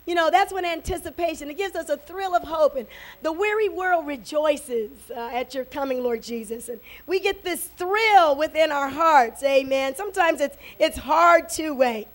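A woman's voice: sits high, normal speed. A woman pastor preaching and praying fervently at a church service, breaking in often with amens and praises. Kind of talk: sermon.

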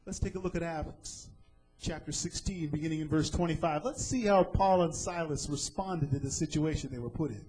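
A man's voice: fairly high pitch, darkish tone, slightly rough, low-quality recording. A man preaching a sermon, retelling a scripture story dramatically and asking the listeners questions.

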